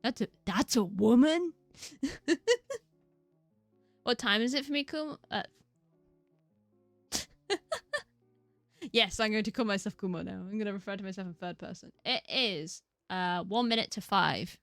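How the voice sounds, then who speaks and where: A woman streaming a game, chatting casually, giggly and rambling, with lots of upward inflections and a slightly croaky voice. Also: medium pitch, a little slow, pauses often, a bit bright, no room sound, soft background music. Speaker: VTuber streamer. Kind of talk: casual live-stream chat while gaming.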